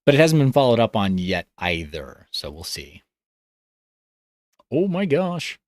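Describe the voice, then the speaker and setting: A man hosts a casual livestream from a home studio, his voice tired. He rambles and breaks off mid-thought, swinging his pitch up and down a lot. The sound is dry and close, with no room around it. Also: wildly swooping pitch, a little slow, no room sound. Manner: rambling, loose, self-interrupting. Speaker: livestream host. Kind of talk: casual livestream chat reading comments.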